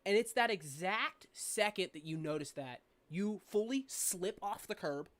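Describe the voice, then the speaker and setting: A woman's voice: medium pitch, expressive, unhurried. A young adult woman narrating a tabletop game as game master, casual and rambling with fillers and swearing.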